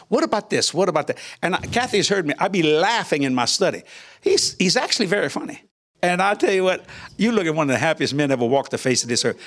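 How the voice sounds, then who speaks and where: Speaking in a high voice, an older minister tells his personal testimony as a guest in an interview. He stays lively throughout, frequently chuckling and performing the voices of those he quotes.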